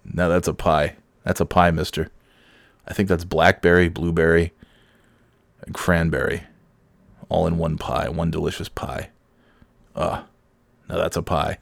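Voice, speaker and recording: Sick middle-aged male podcaster, deep, gravelly, dry mic, rambling and self-mocking. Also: little pitch movement, a little slow, pauses often, no echo. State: sick, holding back coughing fits; half awake. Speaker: podcast host. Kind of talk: casual solo podcast monologue. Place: home with kids heard in the background.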